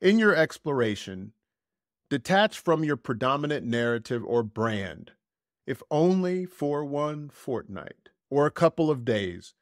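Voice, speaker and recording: A man hosting a podcast, reading a prepared essay in a measured, deliberate way and slowing down to stress key words. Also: mid-range voice, big pitch swings, dry recording, studio quality. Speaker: podcast host.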